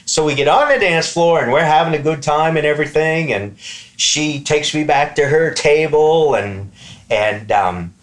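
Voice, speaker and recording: This East Coast Canadian man, whose voice is on the high side, spins a comic tale for friends without hurrying. He curses liberally and animatedly voices what people in the story said, and the recording has a roomy echo.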